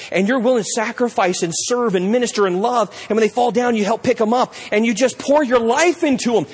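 A man's voice: high voice, slightly rough, long reverb tail. A middle-aged man preaching a sermon as pastor, impassioned and pleading, often acting out little scenes.

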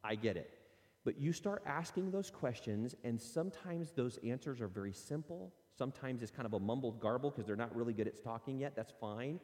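A man's voice: medium pitch, animated, a little fast, darkish tone. A middle-aged man giving an earnest, conversational teaching talk to parents. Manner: earnest, conversational, acts out parent and child quotes. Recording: long reverb.

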